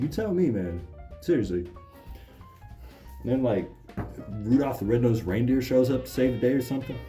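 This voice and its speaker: A man's voice: medium pitch, moderate pace, long pauses, faint music behind. A man reading a children's book aloud and breaking off into sarcastic, mocking commentary. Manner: deadpan, mocking asides. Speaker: comedic reader.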